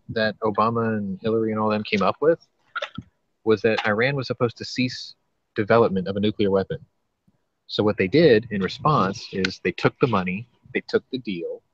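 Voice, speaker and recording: A man's voice: fairly low pitch, breathy edge, no room sound. A man hosting a casual podcast chat, rambling and profane, often restarting his sentences. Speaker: podcast host. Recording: dull lo-fi with faint noise.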